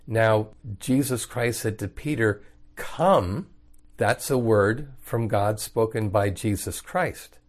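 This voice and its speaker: A man's voice: fairly low pitch, darkish tone. A man teaching the Bible verse by verse in a casual, conversational way, reading passages and explaining them in everyday words.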